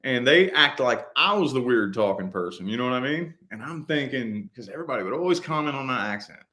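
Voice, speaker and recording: A man talks loosely and at length to his viewers, circling back to repeat himself. He fills his talk with "you know" and the odd curse. His voice sits at an ordinary middle pitch. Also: animated, a little fast, sharp tone. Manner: rambling, loose and profane, with many "you know" fillers. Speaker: host answering viewer comments. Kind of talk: casual livestream chat.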